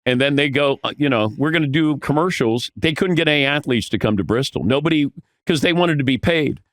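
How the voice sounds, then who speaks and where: A man telling animated anecdotes as a podcast guest, acting out the voices of the people in his stories. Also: fairly high pitch, a little fast, no echo, clean studio sound. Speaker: podcast guest, veteran sportscaster. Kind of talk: casual storytelling.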